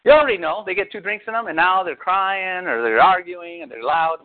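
Animated preacher with a tinny sound. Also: male voice, sits high, brisk. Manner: animated preaching with rhetorical questions. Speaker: pastor. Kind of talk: sermon. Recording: phone-like narrow sound.

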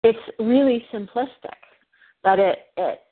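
A woman speaks haltingly, often breaking off and restarting as she works through her feelings with a coach. Her voice sits at an ordinary pitch. It comes through a thin, phone-like line that is dry and close. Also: husky, no echo. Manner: halting, hesitant, many restarts. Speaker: client. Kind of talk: coaching session conversation.

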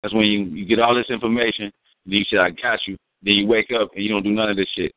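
A man's voice: on the low side, little pitch movement, fast, no echo. A man in casual, profane, rambling talk, explaining slang terms and acting out quotes. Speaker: guest. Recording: dry, phone-like sound.

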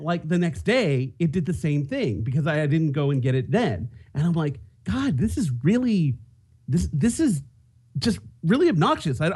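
A man with a fairly high voice tells a rambling story on a podcast. He talks casually and restarts his sentences often. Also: a little mellow. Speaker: podcast co-host. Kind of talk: casual chat.

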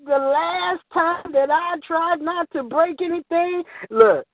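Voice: very high-pitched, fairly even intonation, slow pace, dry recording. An emotional, giggling caller who rambles cheerfully on a call-in show over the phone. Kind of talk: casual call-in chat. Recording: phone line.

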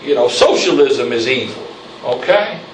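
In a church sanctuary, a pastor delivers a fiery sermon that builds in intensity as he calls on the congregation for amens. His mid-range voice moves at a moderate pace with lively intonation. The mic is distant, picking up echo and slight background noise.

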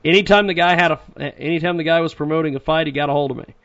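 A man hosts a radio show in a relaxed, chatty way, laughing often and pausing on fillers. His voice sits a little high. The recording is dull and lo-fi. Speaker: radio host. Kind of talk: casual radio chat.

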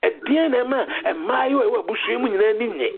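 Ghanaian guy preaching on a phone call, highish voice, tinny line, keeps repeating himself. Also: animated, gravelly, a crowd in the background. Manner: exhorting, repeats phrases with halting restarts. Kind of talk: sermon mixing Twi and English.

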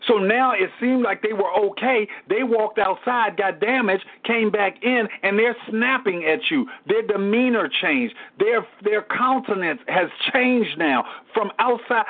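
A man, a pastor, teaching a Bible study in a repetitive preaching style, breaking in with calls to God. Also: high-pitched. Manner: repetitive call-and-response preaching with exclamations to God. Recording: narrow tinny phone-line sound.

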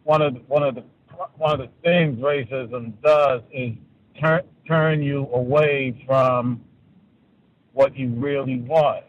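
A man calling in to a radio show, giving his opinions in a halting way and often repeating words. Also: mid-range voice, muffled recording. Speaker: caller. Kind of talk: call-in radio commentary.

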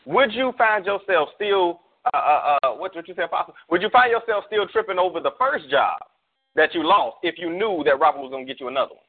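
A man's voice: high-pitched, lively intonation, fairly quick. A man, a pastor, talking casually on a church call show, preaching through slangy stories and hypotheticals. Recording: tinny phone-like call audio.

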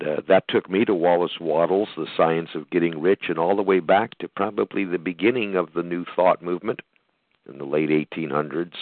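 An older American man hosts his podcast in a rambling, reflective monologue, full of fillers and restarts. His voice is low, and the recording is dry and tinny like a phone line, with no echo.

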